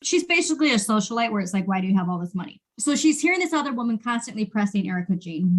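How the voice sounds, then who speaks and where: A woman's voice: medium pitch, rapid-fire, few pauses. A woman co-hosting a podcast in casual chat, telling stories and acting out quotes with animation. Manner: animated storytelling, acts out quotes. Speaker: podcast co-host.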